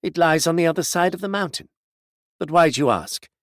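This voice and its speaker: A man reading aloud, voicing a proud, composed woman who speaks with gentle reproach and cool courtesy. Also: on the high side, animated, fairly quick, no echo, studio quality, pitched above the performer's own voice. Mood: calm.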